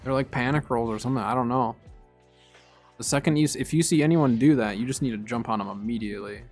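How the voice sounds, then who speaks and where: A young man streaming a game, calmly explaining tactics and getting excited in fights. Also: medium pitch, fast talker, soft background music. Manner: relaxed, explains tactics while playing, bursts of excitement in fights. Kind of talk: casual gameplay commentary.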